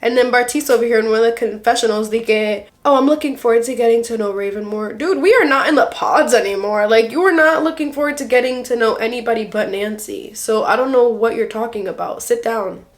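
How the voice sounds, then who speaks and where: A woman's voice: a little high, a little fast, hardly any pauses. A young woman giving a casual, sassy reaction commentary on a reality show, full of fillers and mock quotes. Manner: sassy, lots of fillers, mocks people in quoted voices. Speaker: reaction vlogger.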